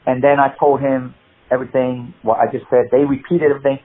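An older man from the UK, a martial artist and actor, telling animated anecdotes in an interview, acting out the people he quotes and laughing at his own stories. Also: mid-range voice, fast. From United Kingdom. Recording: husky voice over a tinny phone-like line.

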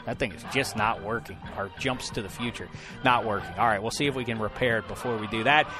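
A man's voice: on the low side, quick pace, over music. A man hosting a sports podcast in casual, jokey chat, rambling with frequent restarts. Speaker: podcast host.

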